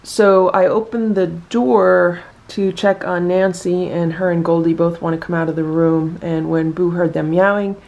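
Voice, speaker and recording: A woman narrating her home cat rescue vlog in a calm, matter-of-fact way, switching to sing-song baby talk for her cats. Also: on the low side, a little slow, vocal fry, few pauses, highs cut off. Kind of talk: casual narration to camera.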